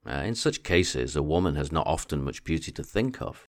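A man reading aloud voices a dry, teasing older husband in an understated, unhurried way. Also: rumbling low, animated.

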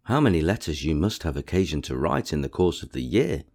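A fawning, flattering young society lady, read by a man in a storybook, her praise pouring out eagerly. The voice sits very deep and low in pitch. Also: fairly quick, creaky, heavily acted. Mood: gushing. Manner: gushing, eager to please.

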